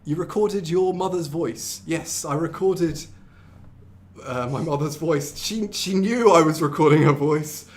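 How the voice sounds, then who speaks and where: A young man hosting a live online English lesson, playful, laughing often, switching into quick Korean explanations. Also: a little high. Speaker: English teacher and host.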